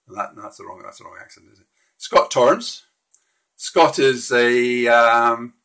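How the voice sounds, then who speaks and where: A man's voice: medium pitch, fairly bright tone. A man hosting a casual live stream, walking through slides in a friendly, hesitant way with frequent restarts.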